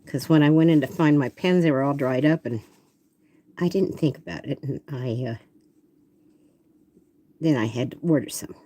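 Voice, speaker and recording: A woman's voice: low-pitched, normal speed, long pauses, warm tone. An older woman artist who chats casually and talks to herself while she demonstrates drawing.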